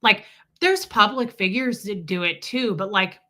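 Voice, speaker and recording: A woman's voice: medium pitch, unhurried, pushed and bright. A woman from the US Midwest hosting a casual live stream, chatting sarcastically with viewers. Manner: sarcastic, ranting, throws in mocking impressions.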